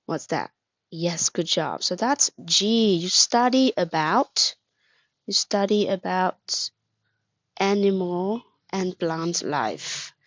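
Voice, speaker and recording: A woman's voice: on the low side, no echo, muffled recording. A woman teaching an English lesson, patient, asking questions, praising and spelling words out, with a mother tongue. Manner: patient, asks questions then praises, glosses words in Vietnamese.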